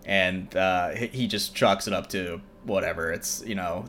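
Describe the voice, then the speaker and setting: A man's voice: low voice, unhurried, a bit bright, a little hiss or hum. A young man hosting a show, casually recapping a film in a rambling way with many fillers. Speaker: host.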